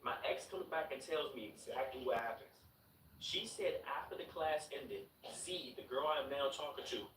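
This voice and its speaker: Lively, roomy-sounding young streamer man. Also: medium pitch, recorded from a distance, slight background noise. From Chicago. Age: 20s. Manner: animated, profane, repeats words and laughs while telling the story. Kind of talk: casual storytelling to a live chat. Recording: roomy room, mic set back.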